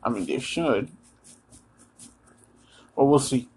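American guy doing his weekly football picks, lots of ums and restarts, mid pitched voice, just chatting. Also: darkish tone, husky, rough recording. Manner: halting, many ums and restarts; Eagles fan, talks straight to listeners. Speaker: sports vlogger giving picks. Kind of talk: casual predictions monologue.

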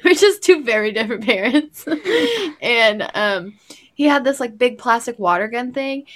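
Young woman, casual chat co-host, a bit high-pitched, lively and laughing, swears freely. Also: moderate pace. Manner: animated storytelling, swearing, frequent laughter.

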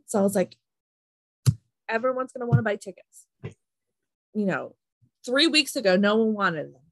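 Husky young woman telling a rant. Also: medium pitch, normal speed, no echo, low-quality recording. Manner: animated storytelling, lots of "like". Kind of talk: casual chat.

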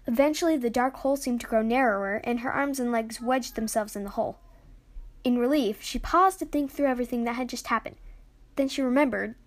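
A woman reading a children's adventure story aloud, with lively storytelling. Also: on the high side, a little fast. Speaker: story reader.

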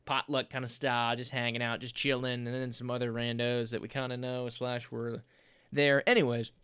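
A man's voice: mid-range voice, little pitch movement, moderate pace, fairly bright tone, clear, resonant tone, no echo. A man co-hosting a casual chat podcast, rambling through stories and laughing often. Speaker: podcast co-host.

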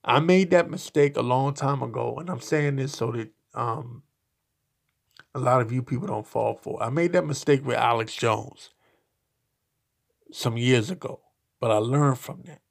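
A man giving blunt, profane solo commentary, slow and halting, with frequent restarts. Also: mid-range voice, creaky. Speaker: podcast commentator.

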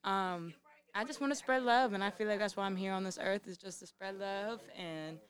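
A woman's voice: mid-range voice, moderate pace. A young adult woman talking casually as a guest musician, laid-back and slangy, swearing freely. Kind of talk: casual interview chat.

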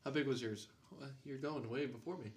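A man's voice: medium pitch, a little fast. A man co-hosting a podcast, chatting casually and joking while tasting ice cream. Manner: upbeat, jokey, talks while eating. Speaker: podcast co-host.

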